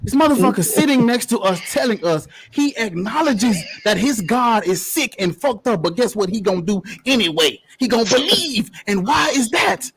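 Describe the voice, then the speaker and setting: A man's voice: sits high, expressive, normal speed, few pauses, a bit bright, breathy edge. A man making a profane, emphatic argument in a heated debate in front of a live audience. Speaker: debate panelist.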